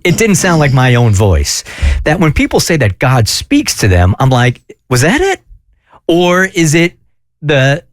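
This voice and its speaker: A man's voice: on the high side, dry recording, clean studio sound. A man hosting a radio show, talking earnestly and confessionally in a casual chat.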